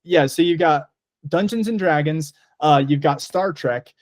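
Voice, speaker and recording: A man's voice: fairly high pitch, a little slow, no room sound, clean studio sound. Chatty man gushing about a movie. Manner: enthusiastic, rambling with many "like" fillers. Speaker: podcast co-host. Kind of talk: casual movie review chat.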